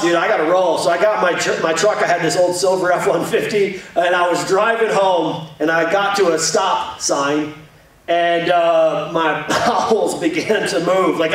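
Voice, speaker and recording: A young male pastor tells a lively, joking story from the pulpit in a fairly high voice. He sounds a bit distant from the mic. His words ring around a big, echoing hall. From Indiana. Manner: storytelling, jokey, animated. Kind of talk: sermon. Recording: echoey hall from far off.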